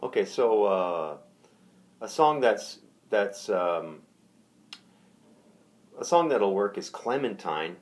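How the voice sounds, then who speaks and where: Slow, low-voiced man teaching ukulele. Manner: relaxed, hesitant, counts beats aloud slowly. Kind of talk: casual music lesson. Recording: ukulele music under the voice. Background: ukulele playing.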